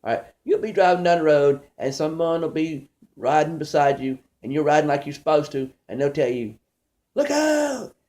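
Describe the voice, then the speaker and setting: A man's voice: on the high side, brisk, hardly any pauses, a little mellow. A man doing a rambling, conversational stand-up comedy monologue, storytelling with many restarts.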